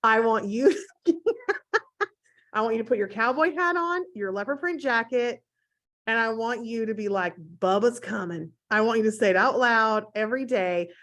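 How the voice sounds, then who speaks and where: A woman's voice: on the high side, animated, moderate pace, fairly bright tone. A woman leading a team call, encouraging and coaching her team in an upbeat manner over an online call. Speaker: team leader hosting a call.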